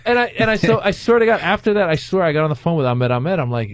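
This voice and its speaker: A middle-aged man from Iran, a comedian guest telling stories in casual chat, full of fillers and quick restarts. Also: on the high side. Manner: animated storytelling with many fillers.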